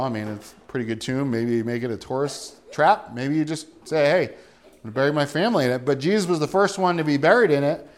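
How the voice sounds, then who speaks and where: Male pastor, conversational sermon, rhetorical questions, slightly higher voice. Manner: chatty, rhetorical questions, acts out everyday scenes.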